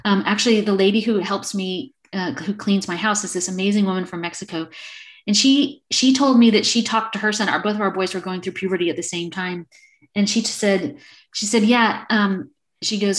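A woman's voice: medium pitch, fairly quick. A middle-aged woman speaking earnestly as an interview guest, often acting out little quoted exchanges in a casual way.

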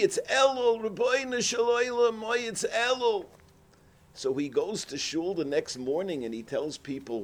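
Animated high-voiced man giving a sermon. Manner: animated storyteller, acts out characters, cries out. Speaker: rabbi. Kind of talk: sermon with storytelling.

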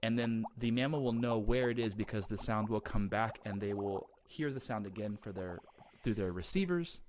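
A man's voice: on the low side, normal speed, darkish tone, slight background noise. A young man co-hosting a casual science chat for kids, playful and explaining things with jokes. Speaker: co-host.

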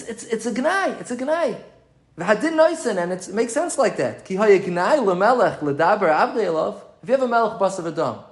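Male Talmud teacher, slightly raised pitch, repeats himself while explaining, echoey room. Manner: explains texts aloud, reads Hebrew quotes then translates, repeats phrases. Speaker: Torah teacher. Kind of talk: Talmud lecture.

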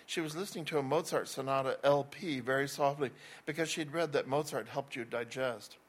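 A man's voice: medium pitch, brisk. Man reading a wry first-person story. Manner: wry, with small slips and restarts. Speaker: narrator. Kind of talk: reading a novel aloud.

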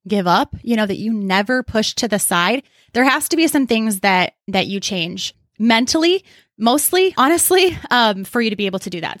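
A woman's voice: medium pitch, a bit bright, no echo, studio quality. A middle-aged woman hosting her own fitness podcast as a personal trainer, talking candidly and chattily with some casual swearing. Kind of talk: casual solo podcast talk.

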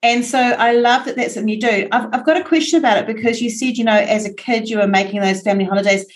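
A woman's voice: a little high, fast talker. Chatty New Zealand woman hosting a podcast. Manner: chatty and bubbly, laughs often. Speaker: podcast host. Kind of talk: casual podcast interview.

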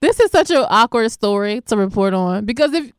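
Brief: young woman radio host, chatty and laughing, smooth clear voice, dry studio sound. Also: fairly high pitch, expressive, fairly quick, dry recording. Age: young adult. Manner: laughing, chatty, affectionate and conversational. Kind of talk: casual talk radio with callers and news.

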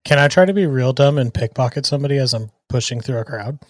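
A man's voice: medium pitch, lively intonation, quick pace, dry recording, studio quality. Laid-back young man playing a tabletop game. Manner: laid-back, joking, lots of "like" fillers. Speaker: player. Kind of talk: casual tabletop play.

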